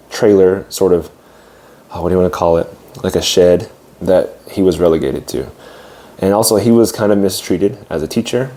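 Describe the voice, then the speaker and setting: A young adult man, an English teacher, telling his own story in a casual, reflective way, often pausing with fillers and restarting sentences. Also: deep voice, mellow. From United States.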